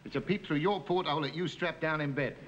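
A man's voice: on the high side, quick pace, lightly acted. An actor playing a cheeky, scheming male friend who talks in a chummy, wheedling way, in a 1950s radio comedy. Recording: muffled old radio recording with faint hiss.

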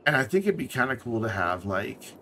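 A man's voice: medium pitch, a little fast, slight background noise. Laid-back rambling male streamer. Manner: relaxed, rambling, trails off into muttered asides. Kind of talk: casual live-stream commentary while playing a city-building game.

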